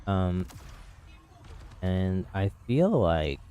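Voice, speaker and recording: A man's voice: deep voice, very animated, extremely slow, dark tone, clear, resonant tone. A man casually commenting on his gameplay live, chatty and easygoing, laughing at himself, on a desk mic. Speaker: streamer playing with viewers.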